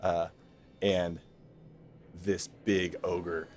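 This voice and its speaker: A man's voice: fairly low pitch, unhurried. A man narrating as game master of a tabletop game, easygoing and laughing often.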